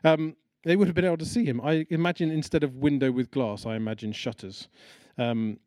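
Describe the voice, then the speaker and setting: A man's voice: on the high side, fairly quick, hardly any pauses, no echo. A man preaching a sermon in a conversational, storytelling way, acting out the people he talks about. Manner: conversational, animated storytelling with acted-out quotes.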